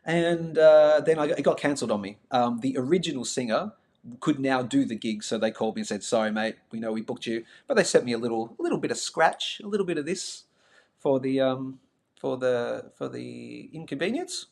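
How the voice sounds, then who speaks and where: A man's voice: medium pitch, animated, brisk, creaky, darkish tone. Chatty Australian man hosting a live stream. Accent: Melbourne Australian, mild. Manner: chatty, self-mocking, talks straight to viewers. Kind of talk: casual live-stream chat.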